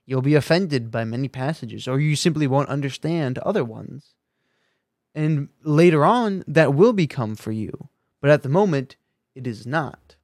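A man's voice: medium pitch, a little mellow, dry recording. Earnest man arguing, dry close sound. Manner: earnest, argumentative, thinking aloud. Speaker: commentator. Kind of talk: opinion monologue. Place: room at home with a bookshelf.

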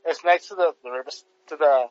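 A man, on the higher side for a man, breaks in with halting, filler-heavy remarks. His voice comes across muffled and a little off-mic. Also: a little mellow. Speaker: podcast co-host. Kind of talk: casual chat.

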